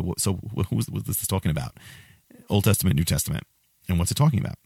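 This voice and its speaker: Male preacher, very low with a gravelly edge; reads passages with building emphasis and keeps asking the audience questions. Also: expressive, quick pace, warm tone, no echo, clean studio sound. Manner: quizzes listeners with repeated questions, reads passages with rising emphasis. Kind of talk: Bible teaching with scripture readings.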